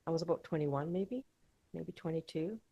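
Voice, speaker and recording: A woman's voice: low voice, moderate pace, creaky, warm tone. A woman who is an entrepreneur and healer, a guest telling a candid personal story in a heartfelt, emotional way.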